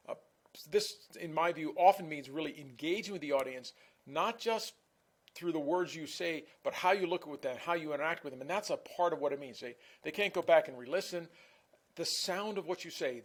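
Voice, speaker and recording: A man giving a recorded online class lecture in a conversational way, often repeating words and restarting phrases. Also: a little high. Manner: self-admittedly talks fast.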